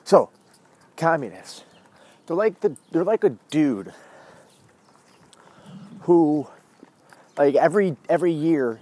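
A man's voice: a little high, expressive, measured pace, pauses often, dark tone. A man hosting a podcast, talking in a rambling, profane way while outdoors walking his dog. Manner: rambling, profane, self-interrupting. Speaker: podcast host. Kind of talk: rambling casual monologue.

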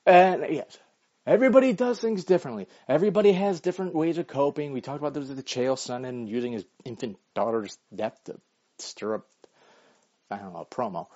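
This vlogger's mid-range, mellow voice moves fairly quickly with lively intonation as he walks his dog. His casual monologue is a blunt, profane argument, recorded with dull lo-fi quality.

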